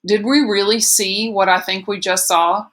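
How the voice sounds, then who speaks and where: A volatile teenage boy, raw and accusing, all fear and fury under the surface, as a woman reads him aloud. His voice is bright and cutting in this audiobook reading. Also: medium pitch, steady tone, normal speed, lightly acted. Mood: awed. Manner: shouting then sobbing, raw and accusing. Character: angry, frightened teenage boy bully, volatile. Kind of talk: audiobook character voice.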